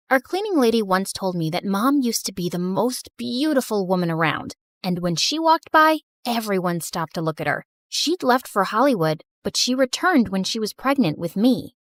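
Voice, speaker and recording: A young woman narrating a first-person story in a scripted, confessional, expressive manner. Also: medium pitch, no echo, clean studio sound.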